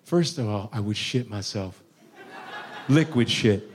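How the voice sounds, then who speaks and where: A man doing stand-up comedy, profane and animated, jumping into voices. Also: lowish voice, a little slow, background noise.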